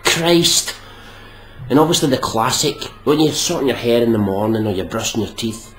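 Scottish man, exasperated rant, sarcastic, swears constantly, mid-pitched voice. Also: expressive, unhurried, bright, forceful tone. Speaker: vlogger.

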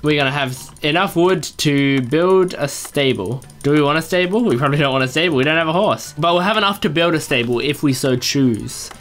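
A man doing Let's Play commentary at his computer, chatting to himself and breaking into excited high yelps. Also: fairly quick, few pauses, faint music behind. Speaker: gaming YouTuber.

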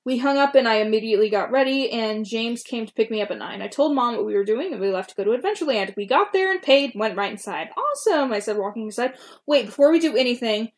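A woman's voice: a little high, lively intonation, quick pace, hardly any pauses. A young woman reading her old fan fiction aloud, breaking off to laugh and make self-mocking comments. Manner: giggly, self-mocking asides. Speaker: YouTuber.

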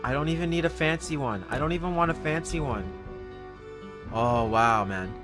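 A man giving casual, jokey commentary while playing a video game, talking to himself and the in-game dog with sudden excited outbursts. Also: fairly high pitch, moderate pace, music in the background. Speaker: gaming video host.

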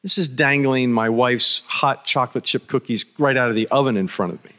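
A man's voice: medium pitch, fairly quick, sharp tone. A man from Philadelphia giving a conference talk, telling a travel story with wry humor and frequent restarts. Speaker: conference speaker. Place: conference hall. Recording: long hall reverb.

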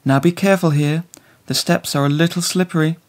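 A man's voice: fairly high pitch, fairly even intonation, fairly quick, close to an everyday voice. A man putting on a fussy, disapproving old lady. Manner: fretting, patronizing. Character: fussy disapproving older woman companion.

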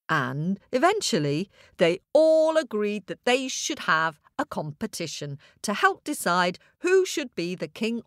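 A woman's voice: low-pitched, no room sound, clean studio sound. A woman telling a children's fable, playful and talking directly to the young listeners. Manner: lively, playful, talks to listeners. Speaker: storyteller. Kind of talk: children's story narration.

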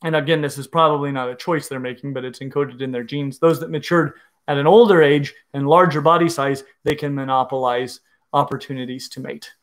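A man's voice: medium pitch, steady tone, brisk. A middle-aged man, a reptile educator, answering viewer questions in an enthusiastic, explanatory way, often restarting his sentences. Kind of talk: casual livestream Q&A.

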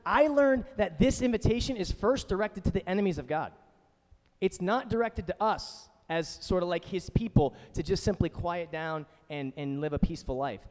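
A man's voice: high voice, normal speed, darkish tone, big-room sound. A man in his thirties preaching a sermon as pastor, speaking in a casual, chatty way with frequent asides. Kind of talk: conversational sermon. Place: church sanctuary.

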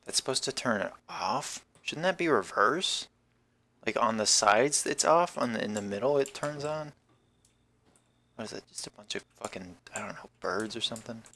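A man's voice: fairly low pitch, animated, normal speed, pushed and bright. A man giving casual let's-play commentary while gaming, rambling and wisecracking with plenty of swearing. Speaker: gameplay commentator.

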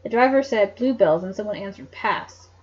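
Calm measured doctor guy, woman reading him, kinda high voice, dull lo-fi mic. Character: calm male doctor telling his story.

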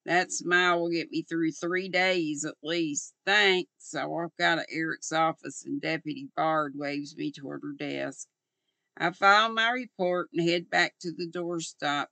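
A woman's voice: low-pitched, fairly even intonation, unhurried, creaky, pushed and bright, no room sound. A woman in her sixties with a Southern US accent, reading a novel aloud on her channel and chatting in a homey, folksy way. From North Carolina, US. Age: 60s.

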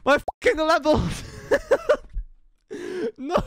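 A man giving excitable Minecraft gameplay commentary, swinging into panicked pleading and laughter. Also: very high voice, drawn-out words. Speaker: gaming video creator.

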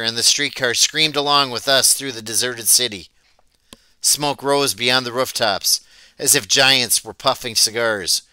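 A man reading a novel aloud as an audiobook, telling it in a plain, steady way. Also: mid-range voice, clean tone, no echo. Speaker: audiobook reader. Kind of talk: storybook read-aloud narration.

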